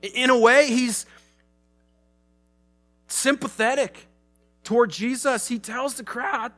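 A man's voice: sits high, moderate pace, bright, forceful tone, soft background music. A man in his thirties preaching a sermon in a church, retelling the story casually and animatedly with many restarts. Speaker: pastor.

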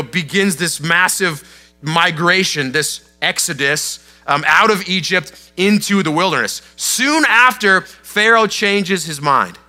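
A man delivers a sermon with a very bright, forceful tone and a fairly high pitch. He tells the story in a casual, animated way, full of asides to the room. Faint music plays behind him. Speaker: pastor.

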